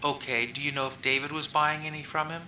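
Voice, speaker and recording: A male investigator asks short, matter-of-fact questions in a flat, very bright voice. The old recording sounds echoey and has a faint hiss in the background. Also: a little high, fast talker. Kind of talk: recorded police interview.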